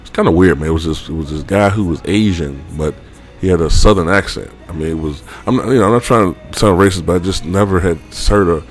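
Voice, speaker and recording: A man's voice: deep voice, fast, soft background music. A man vlogger telling a personal story in a rambling, casual way, full of fillers and offhand swearing.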